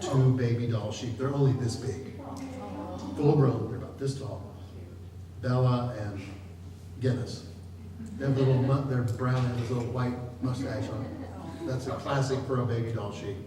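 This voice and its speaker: A middle-aged man gives a chatty, jokey seminar talk to a live audience in a large room, often laughing as he speaks. His medium-pitched voice is steady and moderately paced with long pauses, captured distantly in an echoey, noisy hall.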